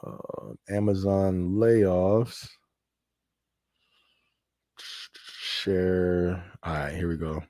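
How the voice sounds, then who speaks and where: Man, lowish voice, casual live podcast host, conversational, dry close sound. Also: steady tone, extremely slow, long pauses, warm tone, no echo. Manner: conversational, repeats phrases, frequent "you know what I mean". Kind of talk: casual live-stream chat.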